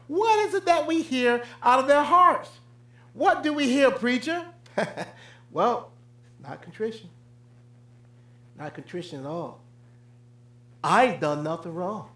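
A male pastor preaching a sermon, swinging between loud, raised declarations and low, hushed asides. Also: reverberant.

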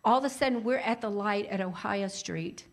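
A woman telling a personal story in a casual, animated way, repeating lines for emphasis. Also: medium pitch, moderate pace.

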